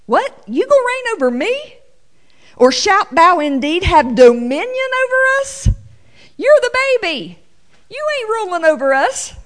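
A woman's voice: sits high, sing-song, measured pace, hardly any pauses, fairly bright tone, pitched above the performer's own voice, full character voice. A woman putting on the voice of jealous older brothers, sassy and incredulous. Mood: indignant.

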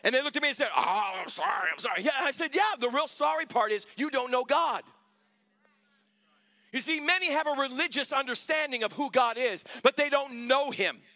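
High, bright-voiced preaching man. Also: moderate pace, no room sound. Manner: preaching with call-and-response, rising to shouts. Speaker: pastor. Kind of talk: sermon.

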